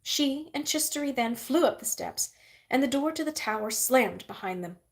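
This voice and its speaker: A woman reading a novel aloud in a steady, even narrating manner. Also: sits high, moderate pace. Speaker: reader. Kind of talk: audiobook-style novel reading.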